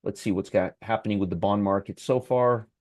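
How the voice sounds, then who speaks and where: A man's voice: on the low side, fairly even intonation, brisk, darkish tone, no echo, studio quality. Chatty man hosting a live trading stream. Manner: chatty, answers viewers by name, frequent restarts. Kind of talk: casual live-stream market commentary.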